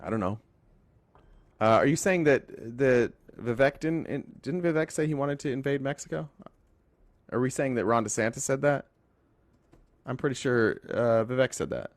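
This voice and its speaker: ユタ州出身の男性が、ライブ配信の視聴者コメントに応えながら、脱線や言い直しを交えて政治の話を気ままに語っている。. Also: male voice, medium pitch, moderate pace, pauses often, no room sound. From Utah. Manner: rambling, talks to chat, self-correcting. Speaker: livestream host. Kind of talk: casual political livestream chat.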